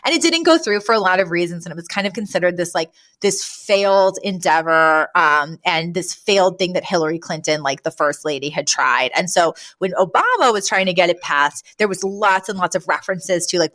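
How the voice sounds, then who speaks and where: A woman co-hosting a podcast, recapping a TV episode in casual chat, animated and quick to laugh, acting out lines. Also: lowish voice. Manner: animated, laughs often, acts out quotes. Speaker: podcast co-host.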